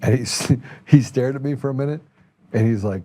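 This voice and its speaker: A man's voice: fairly low pitch, fairly quick, warm tone, a little hiss or hum. A man hosting a political talk show, telling a long story in a rambling way with many restarts. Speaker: podcast host.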